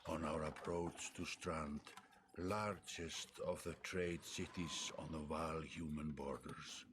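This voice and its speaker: A man voicing a weary caravan traveler, narrating a game cutscene in a measured, solemn way. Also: extremely low pitch, steady tone, background noise. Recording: game audio under music.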